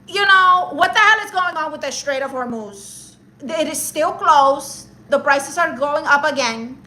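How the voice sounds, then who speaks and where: Sassy woman streamer roasting chat, high bright voice, bit of noise behind. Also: measured pace, rough recording. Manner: sassy, mock-arrogant, switches into Spanish. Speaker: live streamer.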